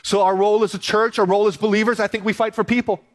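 A man's voice: high voice, level tone, very fast. A man preaching a sermon, reading scripture aloud and then pressing his points with repetition and emphasis. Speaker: pastor.

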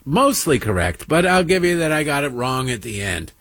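A man's voice: sing-song, normal speed, hardly any pauses, fairly bright tone, no echo. A man hosting a political talk show, giving sarcastic, mocking commentary between played clips. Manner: mocking, mimics people in high silly voices.

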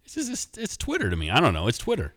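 A man hosts a sports radio show in easy, joking banter. His voice sits at an ordinary pitch and is recorded dry and close. He rattles off call-in numbers and ribs his partner. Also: wildly swooping pitch, fairly bright tone, no echo. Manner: joking, quick back-and-forth.

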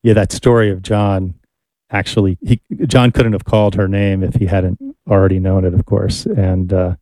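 A man hosting an interview, asking measured questions while searching for words. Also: sits low, level tone, dark tone, dry recording. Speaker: interviewer host.

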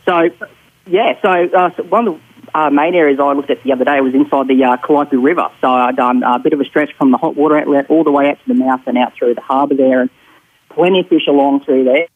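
A male Australian fisherman giving a radio fishing report, relaxed and rambling with lots of fillers. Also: mid-range voice, fast, no room sound, phone-quality sound.

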